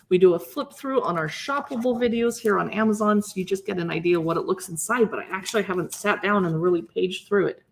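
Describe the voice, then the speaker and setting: Wanita 50-an yang ramah dan bersemangat. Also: female voice, medium pitch, vocal fry. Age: 50s. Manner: chatty and lively, reading recipe names aloud and greeting viewers. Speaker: livestream host. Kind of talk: casual livestream cookbook flip-through.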